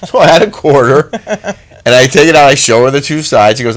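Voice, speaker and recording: A man's voice: on the high side, lively intonation, normal speed, pauses often, a bit bright. A middle-aged man co-hosting a talk show, telling a travel story in casual chat and acting out the voices and sound effects in it. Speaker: radio show co-host.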